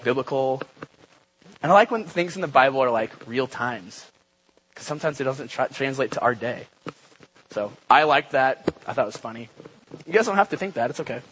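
A young man giving a relaxed, conversational church talk, with many fillers and asides. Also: medium pitch, slightly rough, poor audio. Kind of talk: casual sermon. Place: church gathering.

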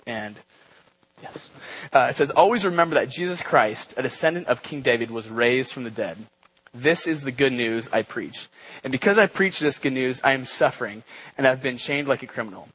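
A young man giving a relaxed, conversational church talk, with many fillers and asides. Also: medium pitch, moderate pace, poor audio. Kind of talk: casual sermon. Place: church gathering.

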